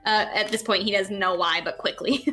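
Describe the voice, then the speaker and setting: A woman's voice: mid-range voice, steady tone, moderate pace, bright, forceful tone. A woman narrating a tabletop game as game master, giggly and loose, with lots of fillers.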